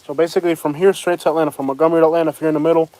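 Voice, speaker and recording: A man's voice: fairly high pitch, level tone, racing, mellow, dry recording. Rambling man livestreaming outdoors. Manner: rambling, talks straight to chat viewers. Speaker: livestream host. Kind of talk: casual livestream chat with viewers. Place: outdoors during rain. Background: rain falling.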